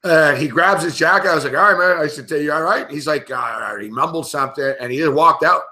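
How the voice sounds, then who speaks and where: A man's voice: a little high, brisk, bright, forceful tone. A man hosting live betting commentary, telling a rambling, profane story with plenty of laughs between game calls. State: tipsy, recounting a night of drinking. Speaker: sports betting show host.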